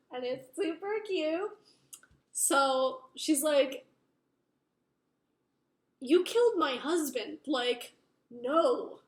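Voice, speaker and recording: A young woman casually recapping a book plot, rambling with lots of fillers and swearing. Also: sits high. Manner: rambling, filler-heavy, profane. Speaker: book reviewer. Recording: roomy echo.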